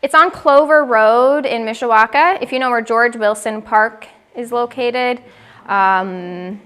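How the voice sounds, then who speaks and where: A woman with a slightly high voice gives an informal talk on birding in a gallery room. She is friendly and chatty, and she sometimes mimics bird calls for her listeners. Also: unhurried, fairly bright tone, clear, resonant tone. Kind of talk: informal presentation to a small audience.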